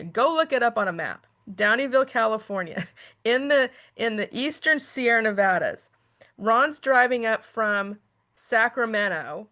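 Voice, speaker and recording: A woman's voice: fairly high pitch, sharp tone. A middle-aged woman guest telling a story in casual talk, acting out her own thoughts as quotes. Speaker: guest, activist.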